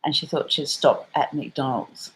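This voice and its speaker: Her intonation is fairly even and her low voice unhurried, though the recording quality is poor. For her vlog, this middle-aged Australian woman chats through a rambling story, full of slang and the odd curse.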